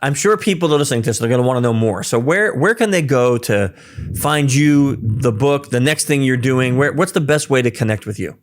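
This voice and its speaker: A man's voice: mid-range voice, animated, a little fast. An affable man hosting an interview podcast, nodding along with short affirmations and an easy laugh. His voice sits in a middle range for a man. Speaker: podcast host.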